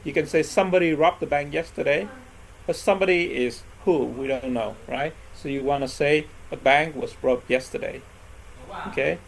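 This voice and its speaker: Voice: medium pitch, steady tone, gravelly, a little hiss or hum, low-quality recording. Teacher forever asking "okay?". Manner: checks in constantly with "okay?" and "right?"; repeats example sentences slowly. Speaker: English teacher. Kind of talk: classroom grammar lesson. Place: classroom with students.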